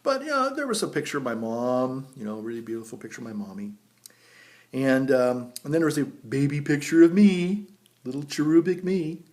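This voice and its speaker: Brief: man in his fifties, a priest who rambles through folksy stories and chuckles at himself, medium-pitched voice, outdoors by a vineyard. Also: animated, fairly quick, a little mellow. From United States. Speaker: priest and pipe vlogger. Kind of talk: casual storytelling vlog.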